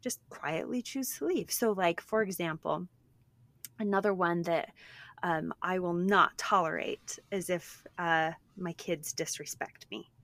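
A woman in her thirties co-hosting a podcast, chatting in a lively way, quick with restarts, a mother talking about her kids. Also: lowish voice, no echo. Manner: animated, talks fast with restarts. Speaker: podcast co-host. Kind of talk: casual chat.

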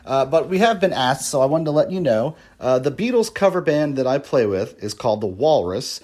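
A man's voice: medium pitch, big pitch swings, fairly quick, darkish tone. A man hosting an interview podcast, reacting with enthusiasm and reading his own plug. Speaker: podcast host. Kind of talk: casual conversational interview.

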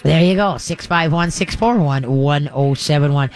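A chatty radio host, a man with a voice a bit higher than most men's. He rambles in a folksy way and slips into playful voices for dogs and their owners. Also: normal speed, soft background music. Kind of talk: live call-in radio chat. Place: live broadcast at a pet store.

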